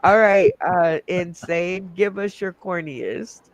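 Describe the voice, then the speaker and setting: Male comedy host, high pitch, laid-back pace, laughs a lot, rambles, video call. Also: takes it slowly, no room sound. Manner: laughs often, rambling with fillers. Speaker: game show host. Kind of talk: casual comedy hosting.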